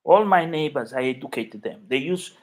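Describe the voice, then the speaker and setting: A man from Africa hosting a casual live chat from his flat, rambling and emotional as he talks to viewers by name. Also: fairly high pitch, normal speed. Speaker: YouTube livestream host.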